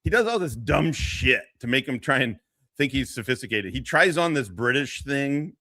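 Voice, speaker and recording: Bright-voiced man cursing through commentary. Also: mid-range voice, expressive, normal speed, dry recording. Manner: profane, laughing, mocking. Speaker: host commenting on a streamer. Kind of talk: casual commentary.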